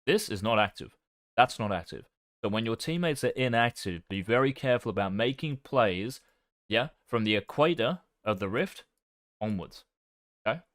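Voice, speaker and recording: A man talks through his own gameplay in a casual coaching tone, tossing in swear words and jokes at his own expense. His voice sits on the lower side, recorded close and dry with no room sound. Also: animated, normal speed, a bit bright, dry recording. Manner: swears casually, self-deprecating. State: talking with his mouth full.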